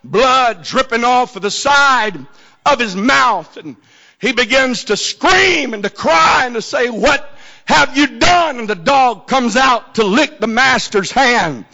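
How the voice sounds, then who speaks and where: High gravelly preacher shouting. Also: male voice, lively intonation, slow pace. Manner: builds to shouting climaxes. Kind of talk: sermon storytelling. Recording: dull lo-fi recording.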